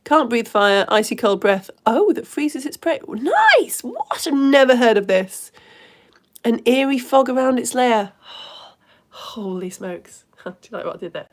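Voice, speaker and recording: A woman from the UK hosts a live-streamed lesson for children, reading out viewers' names. Her voice sits a touch high and jumps between bright, excited greetings and soft, murmured asides. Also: a little slow.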